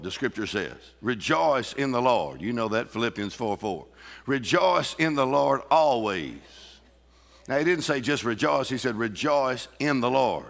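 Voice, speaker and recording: A man preaching with a gravelly, bright edge to his voice. He calls out to the congregation and breaks into bursts of deliberate laughter, and long reverb from a church hall trails each phrase. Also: mid-range voice. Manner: fervent preaching with call-and-response and repeated laughter. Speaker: pastor. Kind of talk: sermon.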